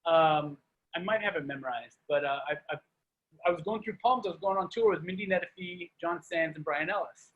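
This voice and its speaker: A man's voice: fairly high pitch, fairly quick, phone-quality sound. A middle-aged man, a performance poet, doing a comic spoken-word reading over a video call. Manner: animated, comic delivery.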